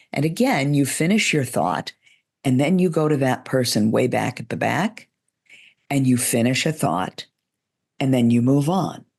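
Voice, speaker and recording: Woman coach guest, confident teacher, a bit of fry in the voice. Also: extremely low pitch, darkish tone. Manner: assured, explains step by step. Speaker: guest expert in public speaking. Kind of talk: instructive interview talk, demonstrating.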